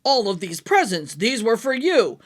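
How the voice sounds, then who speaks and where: A woman voicing an exasperated pet owner who scolds loudly in a read-aloud storybook. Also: fairly high pitch, sing-song, normal speed, slightly rough. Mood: scolding.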